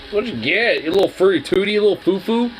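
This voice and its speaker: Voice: mid-range voice, lively intonation, fast talker, poor audio. A dog owner chatting casually to their pet dog, teasing it playfully in baby talk with swearing and laughter.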